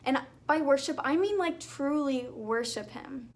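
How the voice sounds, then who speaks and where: Earnest chatty young woman, high voice. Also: lively intonation, a little slow. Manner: earnest, chatty, many fillers. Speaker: faith vlogger. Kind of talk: casual talk to camera.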